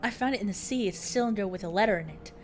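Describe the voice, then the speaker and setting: A woman's voice: medium pitch, rapid-fire, soft background music, lightly acted. A woman reading a young female game character's lines aloud, swooning over a love letter. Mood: dreamy.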